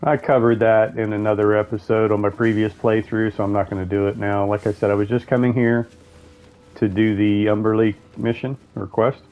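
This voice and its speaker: A man's voice: fairly low pitch, little pitch movement, brisk, darkish tone. A man giving casual let's-play commentary, rambling and thinking aloud as he plays, correcting himself as he goes. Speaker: gameplay commentator.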